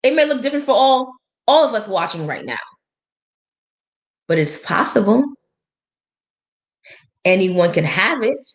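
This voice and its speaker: A woman's voice: medium pitch, lively intonation, a little slow, long pauses. A woman coach giving a motivational live-stream talk, speaking emphatically and preachily, quoting scripture and laughing between points. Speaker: life and business coach.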